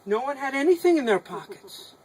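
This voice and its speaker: A man telling a folk tale to a small group in a sukkah, dramatic and animated, with sudden swings between loud and hushed. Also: extremely high pitch, fairly quick, slightly rough, rough recording. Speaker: storyteller. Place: sukkah, a small outdoor booth.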